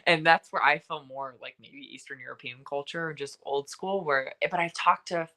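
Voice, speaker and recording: A young woman appears as a guest on a podcast, talking in a lively, chatty way full of fillers and asides. Her voice is deep and her speed is normal.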